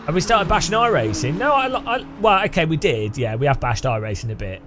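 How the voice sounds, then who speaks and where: Slight background noise accompanies a British gaming streamer chatting through a sim race. On the high side and very animated, his fairly bright voice goes fairly quick as he rambles, jokes and frequently laughs.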